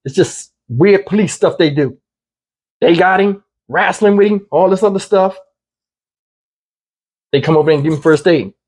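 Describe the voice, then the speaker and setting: Husky high-voiced man commenting bluntly. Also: a little slow, pauses often, darkish tone. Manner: conversational, blunt, repeats points. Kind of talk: casual commentary.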